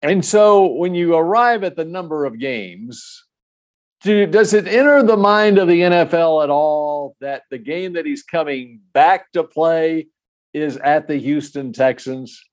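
A man's voice: a little high, measured pace. A man co-hosting a sports show in casual, conversational talk, tossing questions to his partner.

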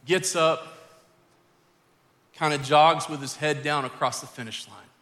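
A middle-aged man preaches from a church stage, telling a family story in an earnest tone that swells into emphatic urging. His voice sits a little high and rings bright. Long church reverb with faint music underneath. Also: steady tone, unhurried. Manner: earnest, rising to emphatic exhortation. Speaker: pastor. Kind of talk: sermon storytelling. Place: church sanctuary.

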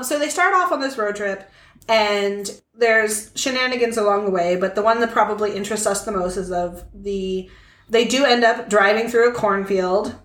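A woman's voice: mid-range voice, a bit bright, reverberant. A woman co-hosting a podcast, chatting casually as she sums up a film plot with many fillers and asides. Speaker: podcast co-host.

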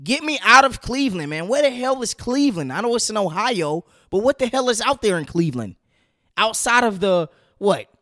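A man with a high-pitched voice talks through football trades in a loose, opinionated monologue. He gets animated and slangy as he makes his case. The recording is dry and close, with no room sound. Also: moderate pace, dry recording. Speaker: sports commentator. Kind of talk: casual sports opinion talk.

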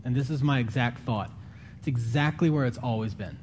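A man preaching a sermon in an earnest, conversational way, his voice climbing higher when he pleads. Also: a little fast, a little mellow, a little hiss or hum. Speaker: pastor.

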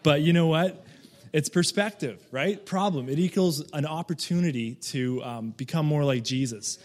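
A man's voice: on the high side, moderate pace. A man giving a loose, conversational sermon, full of fillers and asides, who once lived in Canada. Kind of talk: casual sermon.

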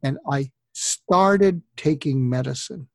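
A man doing an impression of a gruff, curmudgeonly film actor, slightly husky. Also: mid-range voice, slow pace, dry recording, clean studio sound. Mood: grudging.

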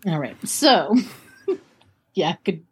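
A woman's voice: fairly low pitch, big pitch swings, very slow, breathy edge. A woman co-hosting a casual podcast, telling a history story in a chatty way, often laughing. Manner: chatty, laughs often, reads quotes aloud. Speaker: podcast co-host.

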